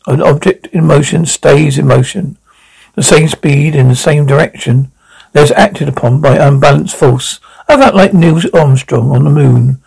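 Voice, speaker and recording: A man narrating a one-man fan radio play in a deliberate, matter-of-fact way. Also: fairly high pitch, vocal fry, darkish tone, husky, rough recording.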